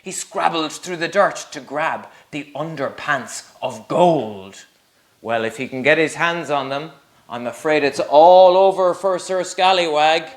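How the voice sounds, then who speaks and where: A man's voice: on the high side, a little slow. A male teacher reading a storybook aloud to young children, sing-song and full of questions for them. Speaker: primary school teacher.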